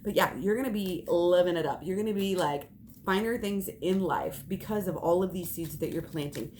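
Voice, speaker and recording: A woman's voice: lowish voice, normal speed, a little mellow, a little hiss or hum. A young woman giving an emphatic spiritual pep talk as a tarot reader, swearing and laughing as she speaks.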